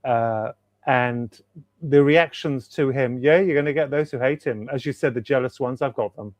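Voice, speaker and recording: A man talks as a guest author on a video call, eager and rambling, circling back to repeat his points. His voice sits at an ordinary middle pitch. The sound is dry and close, with no room around it. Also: moderate pace, no echo. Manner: enthusiastic, rambling, repeats himself for emphasis. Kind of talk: casual interview chat.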